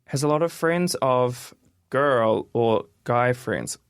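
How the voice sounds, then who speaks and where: A man, co-hosting a casual radio chat and reading quiz items aloud in a steady list. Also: medium pitch, slow, clear, resonant tone, no echo, clean studio sound. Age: 20s. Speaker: radio co-host. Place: radio studio.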